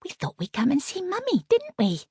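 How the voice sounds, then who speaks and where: A woman's voice: high-pitched, huge pitch swings, normal speed, dark tone, no echo, clean studio sound, pitched above the performer's own voice. A woman voicing a cheerful, bustling nurse with a coaxing, sing-song manner of speaking.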